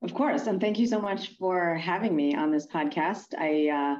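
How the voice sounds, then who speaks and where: A woman from Pennsylvania, speaking as a guest in an interview, thoughtful and halting with many fillers. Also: lowish voice, a little mellow, lo-fi sound. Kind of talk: conversational interview answers.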